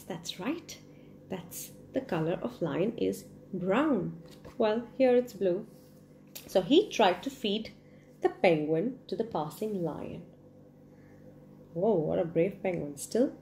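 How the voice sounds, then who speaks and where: A woman reading a picture book aloud to children, expressive and full of questions for her young listeners. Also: medium pitch, a little hiss or hum. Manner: expressive, asks the children questions, gasps in surprise. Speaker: storyteller for children.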